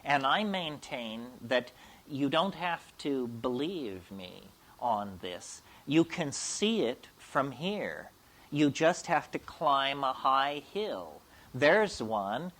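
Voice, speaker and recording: A man giving a public lecture in a provocative, emphatic and wry way. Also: fairly high pitch.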